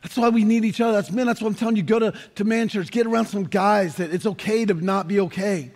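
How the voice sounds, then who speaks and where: A man preaching a sermon as pastor, impassioned and building to shouted lines. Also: high-pitched, fast talker. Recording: long reverb of a large hall.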